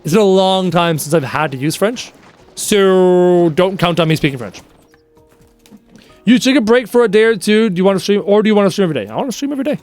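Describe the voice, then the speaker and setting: A man's voice: high-pitched, expressive, fast, a little mellow, soft background music. A man live-streaming a game, chatting casually and reading out viewers' messages in a playful way. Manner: chatty, reads chat aloud, playful.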